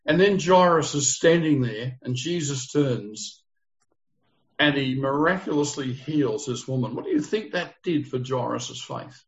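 A man's voice: mid-range voice, unhurried. A man leading an interactive Bible study, explaining the text earnestly and putting questions to his group. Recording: dull lo-fi recording.

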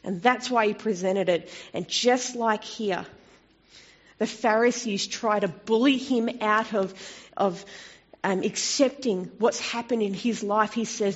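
A woman's voice: medium pitch, measured pace. Woman preaching, dull lo-fi sound. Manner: conversational, expressive when quoting scripture. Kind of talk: sermon. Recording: dull lo-fi recording.

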